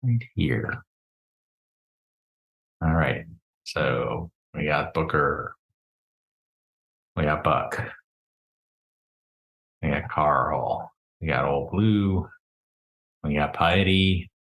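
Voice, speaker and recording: A man narrating a tabletop game as game master in a relaxed, easygoing way. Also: extremely low pitch, very slow, long pauses, dull audio. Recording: roomy echo.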